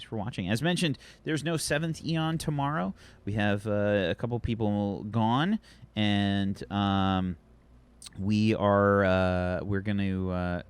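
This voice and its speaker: A man hosting a tabletop game livestream, rambling through thanks and plugs at the end of the show. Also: low voice. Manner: rambling, grateful sign-off. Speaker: game master and host. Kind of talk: livestream outro.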